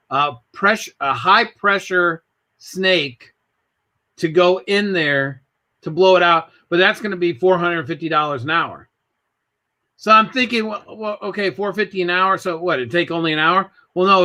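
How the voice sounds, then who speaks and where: A man with a high, bright voice, chatting casually as a show host. He rambles through a long anecdote, slipping into other people's voices as he quotes them. His talk is loose and full of restarts. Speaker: podcast host. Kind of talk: casual storytelling chat.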